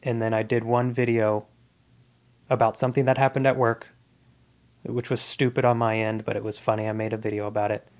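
A man's voice: fairly low pitch, little pitch movement, a little fast, darkish tone. A man in his thirties, a comedian guest on a podcast, telling his life story in a casual, earnest and reflective way.

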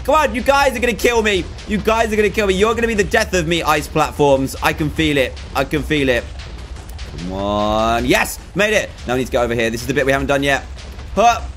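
A young man, giving excitable let's play commentary and groaning at failed jumps. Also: a little high, fast, soft background music. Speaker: gaming YouTuber.

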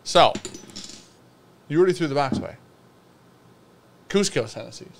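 A man's voice: a little high, lively intonation, normal speed, creaky. A man co-hosting a live whiskey show, chatting casually in a loose, joking, rambling way. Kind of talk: casual live-stream chat.

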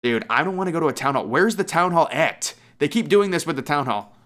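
Excitable young man rambling over gameplay. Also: fairly high pitch, brisk. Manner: rambling, excitable, self-mocking. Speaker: gaming YouTuber. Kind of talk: casual gameplay commentary.

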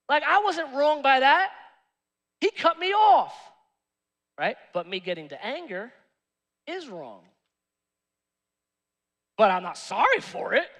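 A male pastor preaches with a high, bright voice that swings widely in pitch. He is animated and joking, slipping into streetwise slang. The sound carries a long reverb from the church hall. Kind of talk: sermon.

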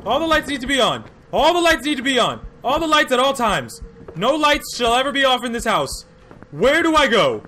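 A man doing a let's play commentary on a horror game, jumpy, loud and joking as he shouts at what happens on screen. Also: extremely high pitch, very animated, brisk. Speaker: gaming video host.

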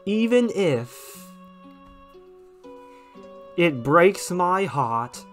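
A man voicing a flamboyant male robot TV star with a theatrical, drawn-out, mock-tragic delivery. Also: high-pitched, very animated, soft background music, voice pushed up, exaggerated voice.

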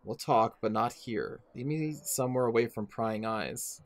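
A man's voice: medium pitch, a little slow, lightly acted. A man reading a bitter, defiant elf woman. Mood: guarded. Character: guarded female elf wanderer, bitter and defiant.

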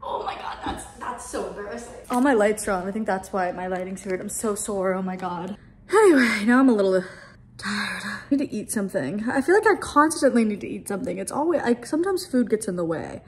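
A woman's voice: mid-range voice, animated, brisk. A young woman rambling to the camera in a casual home vlog, chatty and full of fillers. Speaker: lifestyle vlogger. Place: at home, indoors.

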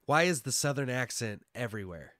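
A man's voice: mid-range voice, lively intonation, fairly quick, sharp tone, no echo, studio quality. A man co-hosting a casual podcast in a hot small room, rambling and swearing with lots of fillers and restarts. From Oregon. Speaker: podcast co-host.

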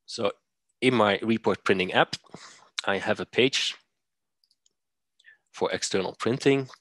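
A man presenting a software demo, walking through steps methodically with occasional fillers. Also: lowish voice, measured pace, dry recording. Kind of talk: screen-share software demo.

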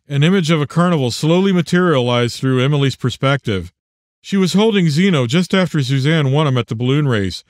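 A man's voice: mid-range voice, no room sound, studio quality. A man narrating his own novel as an audiobook, reading expressively and dramatically. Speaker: author and narrator.

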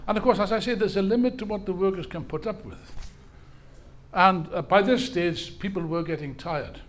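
A man's voice: sits high, moderate pace, slight background noise. An older man giving an impassioned speech at a political rally, emphatic and hammering key phrases through repetition. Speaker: rally speaker.

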